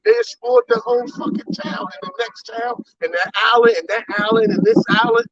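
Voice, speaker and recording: A man's voice: extremely high pitch, a little fast. A man hosting a casual church talk, blunt and crude, quoting scripture. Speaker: men's ministry host. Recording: distant dull mic.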